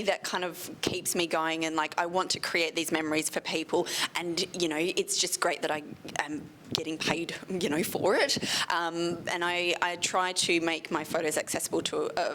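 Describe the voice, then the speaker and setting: A woman's voice: fairly low pitch, a bit bright, slight background noise. Heartfelt, chatty wedding photographer woman. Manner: heartfelt, chatty, self-deprecating. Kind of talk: candid panel talk. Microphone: handheld microphone.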